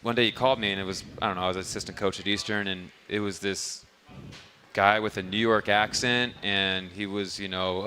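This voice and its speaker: A man's voice: on the low side, fairly even intonation, moderate pace, sharp tone, slight background noise. A man who coaches basketball, telling rambling stories in an easygoing way during a live interview at a restaurant bar. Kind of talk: casual interview answers.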